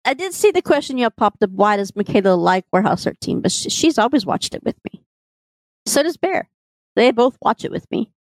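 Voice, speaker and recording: A woman's voice: on the high side, very animated, fairly quick, no echo. Chatty Texan woman, podcast co-host. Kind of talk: casual podcast chat.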